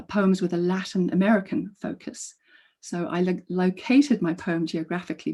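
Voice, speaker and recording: A woman poet reading her poems aloud in a slow, measured way, with soft spoken asides between the poems. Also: on the low side. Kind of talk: poetry reading.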